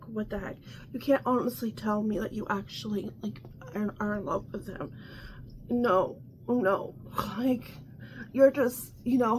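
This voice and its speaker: Chatty woman with a higher voice. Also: a little hiss or hum. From Canada. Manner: chatty, exasperated, laughs often, rambling restarts. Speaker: vlog host. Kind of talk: casual chat.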